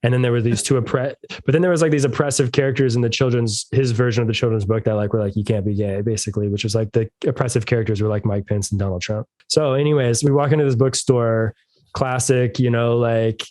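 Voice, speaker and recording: Male guest, 30s, deadpan storyteller, dark mellow tone, dry close mic. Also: mid-range voice, quick pace, no room sound. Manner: deadpan, monotonous delivery. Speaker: podcast guest, musician. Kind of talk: casual storytelling chat.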